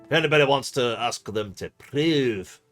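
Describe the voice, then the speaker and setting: A man voicing a goblin who puts on a dwarven accent, loudly announcing to a gathered village. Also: mid-range voice, lively intonation, moderate pace, soft background music, pitched above the performer's own voice, close to an everyday voice. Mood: proclaiming.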